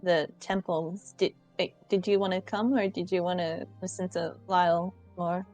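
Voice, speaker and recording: A woman's voice: on the low side, flat delivery, normal speed, a little mellow, soft background music. A woman playing a tabletop role-playing game, speaking hesitantly. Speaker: player. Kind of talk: tabletop role-play chat.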